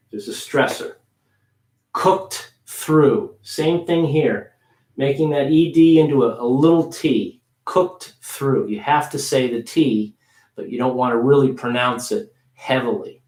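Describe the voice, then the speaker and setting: Slow, patient male pronunciation teacher. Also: a little high, darkish tone, echoey room. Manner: slow, repeats words for practice. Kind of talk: pronunciation lesson on a livestream.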